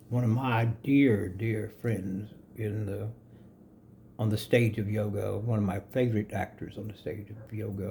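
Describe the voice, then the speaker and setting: A man's voice: on the low side, gravelly, dark tone, slight background noise. An older man giving a rambling, casual spoken lesson on yoga, chuckling often and correcting himself as he goes. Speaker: yoga teacher.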